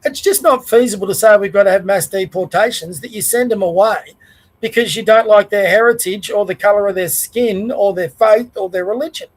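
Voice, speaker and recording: Aussie bloke in his middle years, high-ish voice, rambling casual rant on politics, plain talk. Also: a little fast, rough recording. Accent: Australian. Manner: rambling, conversational, plain-spoken. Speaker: podcast host.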